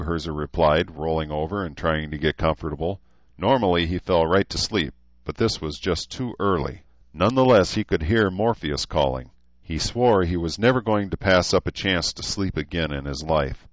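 A male narrator reads an audiobook in a steady, measured way. His voice is low. The recording is dull and lo-fi, close and dry with no room sound. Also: dry recording. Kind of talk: scripted narration.

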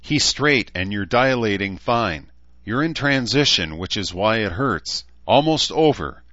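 A man's voice: fairly low pitch, animated, unhurried, bright, forceful tone, no echo, muffled recording, voice pushed up. A man voicing a young woman delivering a baby, urgent and encouraging. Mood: coaching.

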